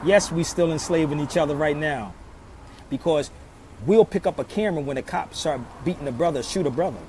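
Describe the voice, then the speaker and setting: Out on a noisy city street, a Philadelphia man lectures earnestly and insistently, circling back to his pleas again and again as a social media commentator. His voice is a little high and warm, and he talks a little fast.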